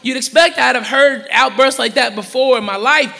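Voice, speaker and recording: A man's voice: very high-pitched, normal speed, vocal fry, sharp tone, long reverb tail. A man doing stand-up, telling a story in a conversational way. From Southern United States. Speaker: stand-up comedian. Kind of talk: stand-up comedy set.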